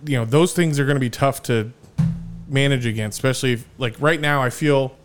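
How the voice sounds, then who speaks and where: Smooth-voiced man, loose and profane. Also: mid-range voice. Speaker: podcast host. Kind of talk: casual chat.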